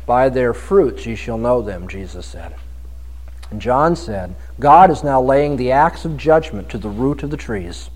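A man preaching an expository sermon on a Bible passage, swinging from soft reflection to emphatic, pleading delivery. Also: medium pitch, animated, measured pace, poor audio.

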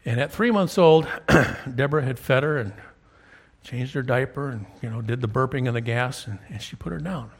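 Gravelly, husky-voiced preacher man. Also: medium pitch, normal speed. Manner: conversational storytelling preacher, frequent "okay?" check-ins. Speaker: pastor. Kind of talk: sermon.

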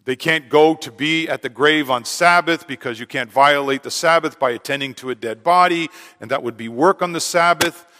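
Bright-voiced preacher in a reverberant church. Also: male voice, on the high side, moderate pace, few pauses. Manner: earnest preaching, drops to hushed tones on key words. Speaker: pastor. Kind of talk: sermon. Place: church sanctuary. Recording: long hall reverb.

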